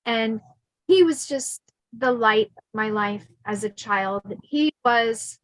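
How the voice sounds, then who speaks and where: Speaking slowly in a voice on the high side, this middle-aged podcast host recounts her life story casually, chatty and laughing, with many fillers and restarts. The recording is dry and the audio poor.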